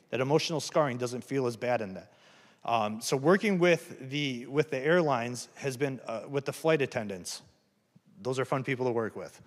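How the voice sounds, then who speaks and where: A man giving a candid, earnest talk about recovery to an audience, self-deprecating and plain-spoken. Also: mid-range voice. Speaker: recovery speaker at a campus event. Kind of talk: personal testimony talk. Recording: hall reverb.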